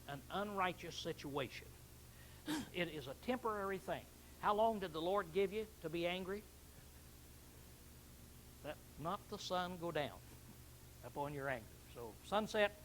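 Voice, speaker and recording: An older man delivers a homespun sermon with a slightly raised voice. He keeps clearing his throat and going back over his words, and a faint hiss of room noise sits under him. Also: high-pitched, low-quality recording. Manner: folksy, repeats phrases, clears throat often. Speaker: preacher.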